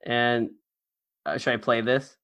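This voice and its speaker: A man's voice: mid-range voice, little pitch movement, slow pace, a bit bright, clean tone, no room sound. A man co-hosting a podcast in casual chat, rambling and storytelling with lots of fillers and restarts. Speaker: podcast co-host.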